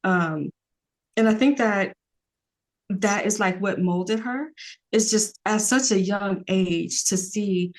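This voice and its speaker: A woman's voice: mid-range voice, takes it slowly. Earnest woman podcast guest. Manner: earnest, rambling with many fillers. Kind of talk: casual podcast conversation.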